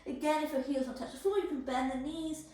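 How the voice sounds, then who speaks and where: A high-voiced woman guiding a yoga flow, cueing each pose and breath with encouragement. She is out of breath from the effort. Her voice rings through a very echoey room, picked up from a distance. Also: steady tone, fast, mellow. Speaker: yoga instructor. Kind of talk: guided yoga class instruction.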